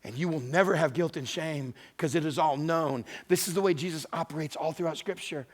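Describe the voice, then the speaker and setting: A male pastor delivering a sermon, retelling scripture stories with acted-out voices, moving between hushed, intimate moments and loud, emphatic ones. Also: fairly high pitch, fairly quick. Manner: dramatic storytelling, acting out voices of scripture figures.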